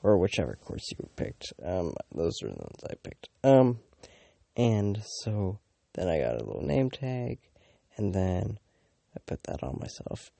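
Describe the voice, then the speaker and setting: Telling a storytime in a slow drawl, a Canadian teenage vlogger speaks low and gravelly, his tone dark and dry with no room sound. Huge swings in pitch mark his rambling, which is full of swearing, fillers, restarts, and mocking jabs at each person he encounters.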